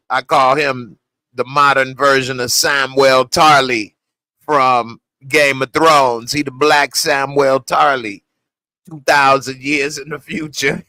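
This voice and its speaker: A man reviewing a TV episode in casual, slangy reaction commentary, animated and laughing often. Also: on the high side, dry recording.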